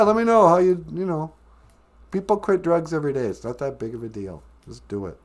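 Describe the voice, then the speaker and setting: Comic podcast host, male, meandering and dry, very animated pitch. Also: fairly quick. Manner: deadpan, sarcastic, meandering. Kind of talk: rambling comic podcast talk.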